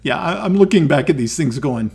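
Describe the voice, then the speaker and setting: A Southern American man runs a tabletop game on his stream and chats between sessions. His voice sits a little high and bounces all over the place. He laughs often and swears casually. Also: expressive, a little fast, gravelly, a little mellow, breathy edge. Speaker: dungeon master and streamer.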